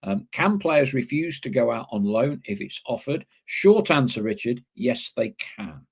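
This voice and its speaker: Man, husky voice, podcast host, casual wry chat. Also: medium pitch, sing-song, a little slow. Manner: chatty, wry asides between read-out comments. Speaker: podcast host reading listener comments.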